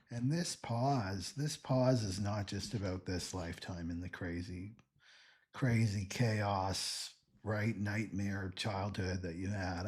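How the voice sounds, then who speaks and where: A man's voice: lowish voice, darkish tone, slightly rough. A man astrologer giving a reassuring spiritual teaching monologue, often tagging his sentences with "right?". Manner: reassuring, keeps adding "right?".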